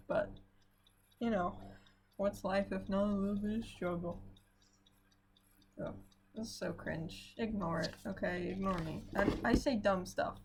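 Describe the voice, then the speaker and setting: Tired young woman rambling sarcastically. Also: mid-range voice. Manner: rambling, self-deprecating, dry sarcastic asides. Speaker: vlogger. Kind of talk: casual unedited vlog chat. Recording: faint background noise and clock ticking.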